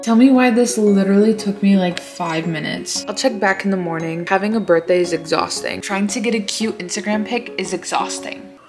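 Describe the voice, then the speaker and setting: A woman's voice: medium pitch, normal speed. A woman in her twenties chatting to the camera in a casual home vlog, bubbly and self-mocking, with lots of "like". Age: 20s. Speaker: vlogger. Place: at home, indoors. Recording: roomy sound with music behind. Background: background music.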